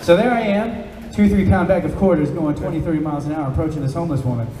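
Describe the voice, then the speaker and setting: A man telling a comic story to a live audience as a panel guest, animated and drawing out dramatic pauses. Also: on the high side, recorded from a distance. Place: large event hall with an audience. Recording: roomy hall echo, voice off-mic, faint noise.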